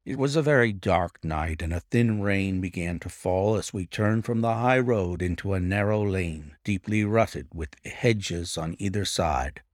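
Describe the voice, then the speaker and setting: A man narrating a classic detective story in an expressive reading voice. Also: low voice, measured pace, few pauses, no room sound, studio quality.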